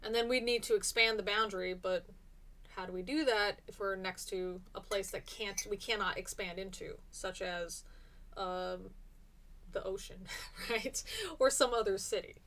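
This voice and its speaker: A woman teaching a class over a live stream at an ordinary middle pitch. She talks in a chatty, encouraging way and answers student comments as they come in. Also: fairly even intonation, moderate pace, a bit bright.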